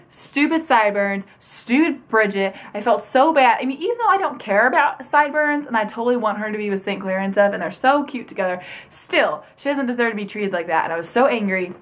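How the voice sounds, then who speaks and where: A young woman reviewing a book in a casual vlog, gushing and rambling excitedly with lots of fillers. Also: fairly high pitch.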